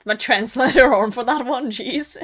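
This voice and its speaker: Her voice is on the high side, fairly bright, at normal speed. She's a Norwegian gamer on a casual livestream, using English as her second language and cursing freely while she responds to chat.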